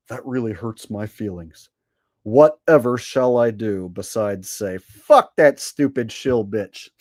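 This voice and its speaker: A man ranting on his own livestream, sarcastic and profane, bragging about himself as he goes. His voice sits at an ordinary middle pitch. The sound is dry and close, with little room. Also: a little mellow, dry recording. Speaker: host. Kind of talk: casual livestream rant.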